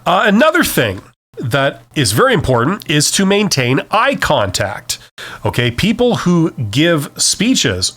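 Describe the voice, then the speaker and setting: A man hosting a solo advice podcast, speaking off the cuff and checking in with "okay?" after each point. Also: medium pitch. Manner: animated, says "okay?" after most points; varies volume and speed to demonstrate. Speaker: podcast host. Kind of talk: unscripted solo advice talk.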